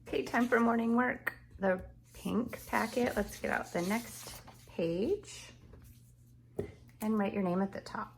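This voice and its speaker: A woman's voice: mid-range voice, unhurried, gravelly. A middle-aged woman teaching kindergarten from home, talking to young children in an encouraging sing-song way. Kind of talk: remote class lesson. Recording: echoey room with noise.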